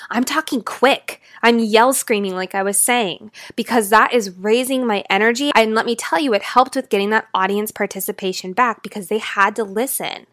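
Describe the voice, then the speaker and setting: A woman life coach addresses her listeners directly in a podcast monologue, shifting between fast, loud passages and slow, quiet ones. Her voice is medium-pitched, and the recording is dry and studio quality.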